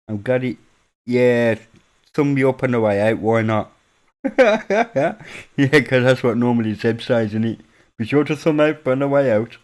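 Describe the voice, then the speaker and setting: Late at night, a male livestream host with a northern English accent chats loosely with his viewers using British slang. His voice sits in the mid-range and sounds a little mellow.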